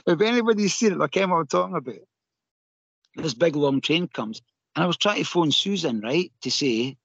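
Scottish man, animated storyteller, husky voice, slightly muffled remote recording. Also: a little high, normal speed, dry recording. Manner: animated, laughing often, emotional. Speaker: guest. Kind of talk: casual storytelling.

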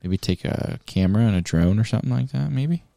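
A man with a low, mellow voice co-hosts a podcast in loose, playful chat. He sounds tired and rambles a little. The sound is dry and close, with faint music underneath. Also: expressive, fairly quick, gravelly, dry recording. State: tired, yawning. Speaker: podcast co-host. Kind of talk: casual chat.

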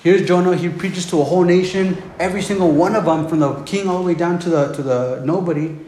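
A man's voice: high voice, fast, dark tone. A male pastor preaching a Bible sermon in a casual, repetitive way, often saying "man". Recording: roomy room, faint background noise.

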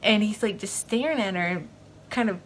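A woman podcast host with a medium-pitched, fairly bright voice talks at a moderate pace over slight background noise. She gives a loose, rambling recap of a TV episode, full of fillers like "you know."

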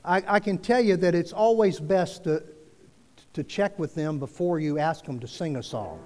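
A male pastor preaching a sermon to his congregation, earnest, with slow emphatic phrasing. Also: fairly high pitch, dark tone. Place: church sanctuary. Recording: long reverb of a church hall.

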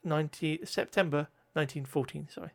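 A man's voice: on the high side, steady tone, a little fast, gravelly. A man reading history notes aloud, often stumbling over words, correcting himself and adding joking asides.

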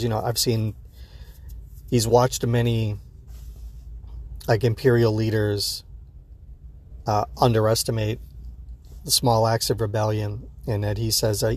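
A man's voice: medium pitch, darkish tone. Rambling man giving a casual reaction. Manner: rambling, many fillers and restarts. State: sleepy, yawning early in the day. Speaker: podcast host reviewing an episode. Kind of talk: casual unscripted reaction commentary.

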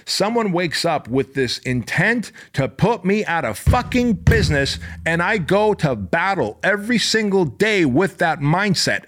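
A man's voice: medium pitch, fairly bright tone. A middle-aged man delivering an intense, profane motivational monologue, building to emphatic outbursts. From immigrant to the US. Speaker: entrepreneur giving motivational talk.

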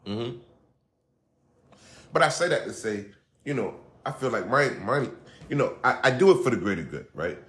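A middle-aged podcast host talks at normal speed in a medium-pitched, expressive, slightly bright voice, pausing often. The casual solo monologue is loose and profane, with sentences restarted and plenty of asides.

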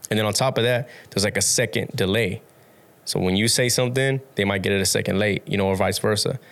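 A man's voice: on the low side, fast talker, vocal fry, a bit bright. A young man, a podcast guest and dad, telling a story in casual, rambling interview chat full of restarts, casual swearing and laughs.

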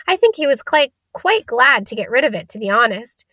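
A woman's voice: a little high, big pitch swings, fairly quick, pushed and bright, heavily acted. A woman reading aloud, voicing a big, friendly, secretive male groundskeeper with folksy, clipped speech. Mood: proud.

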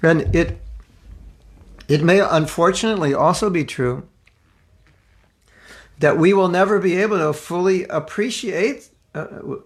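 An American man gives a loose, conversational spiritual talk in a gravelly, slightly creaky voice. He repeats himself, restarts his sentences and wanders into side remarks. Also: a little high, a little slow, pauses often. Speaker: spiritual teacher.

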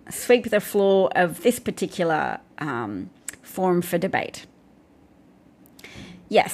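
An Australian woman with a fairly low voice talks on a live stream. She answers viewer comments in a loose, casual way and often restarts her sentences. She breaks in with dry little asides.

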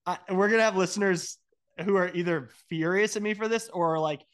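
A man's voice: sits high, brisk, a bit bright, clear, resonant tone. A man co-hosting a casual podcast, teasing his friend with trivia and laughing often. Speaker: podcast co-host asking trivia. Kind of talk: casual chat.

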